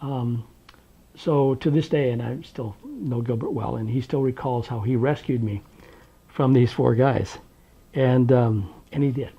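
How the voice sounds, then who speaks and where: A man from Washington state recounting his past in an oral history interview, unhurried and wry, with plenty of ums and uhs. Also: mid-range voice, slightly rough, dull audio. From Tri-Cities, Washington, USA. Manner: unhurried, wry storytelling with many fillers.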